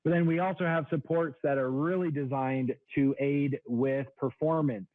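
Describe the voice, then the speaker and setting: A man's voice: fairly even intonation, moderate pace, no echo. A man in his thirties, a sales trainer, explaining products as a guest on a radio show. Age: 30s. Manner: explanatory, product-pitch delivery. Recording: tinny phone line, dry.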